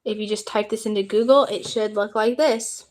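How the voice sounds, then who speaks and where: A woman's voice: mid-range voice, fairly even intonation, normal speed, a little mellow. A young woman from the United States hosting a casual livestream, chatting eagerly and answering viewers' questions. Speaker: livestream host. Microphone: phone.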